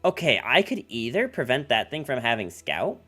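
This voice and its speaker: A man streaming a card game sounds very animated, pushed and bright, speaking at a moderate pace with medium pitch over soft background music. His casual chat with viewers wanders, stuffed with fillers like "like" and "um" and jokes tossed to chat.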